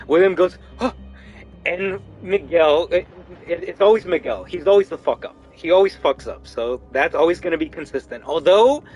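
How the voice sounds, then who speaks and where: A young man streaming a game, telling a story in an animated, profane way. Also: a little high, poor audio. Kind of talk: casual gaming commentary.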